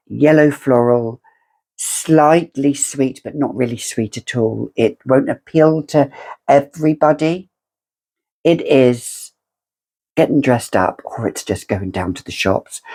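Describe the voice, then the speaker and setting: A woman's voice: very deep voice, gravelly, mellow, husky. A British woman reviewing fragrances in a casual vlog, theatrical and effusive as she gushes over scents. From Britain. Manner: theatrical and effusive, gushing descriptions.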